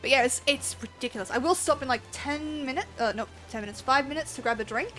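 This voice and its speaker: Australian woman streamer, chatty and foul-mouthed, pitched a bit high, soft background music. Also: fast, poor audio. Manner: chatty, rambling, swears freely. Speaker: game streamer. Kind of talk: casual livestream chat.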